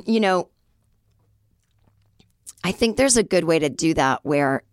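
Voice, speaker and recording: A woman in her forties hosting a podcast, telling a story in a chatty, self-deprecating way with a slightly raspy voice and acting out the people she quotes. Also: lowish voice, animated, slow pace, no room sound, studio quality. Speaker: podcast host. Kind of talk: casual storytelling monologue.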